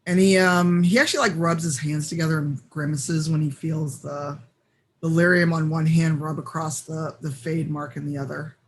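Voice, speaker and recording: Gravelly man narrating his character. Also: fairly high pitch, steady tone, normal speed, a little hiss or hum. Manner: casual, explanatory. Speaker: player.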